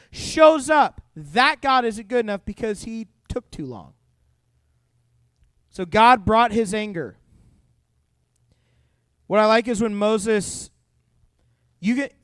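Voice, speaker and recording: A young man leads a youth group through a Bible story, joking and acting out the characters as he goes. His voice sits high and comes across smooth and clear. The sound is dry and close, with no room echo. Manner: animated storytelling with jokes and quoted voices. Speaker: youth pastor.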